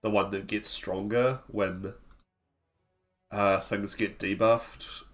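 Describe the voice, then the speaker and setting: Male streamer, lowish voice, relaxed think-aloud gameplay commentary, chats with viewers between moves. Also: slow. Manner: thinking aloud, answering chat between plays.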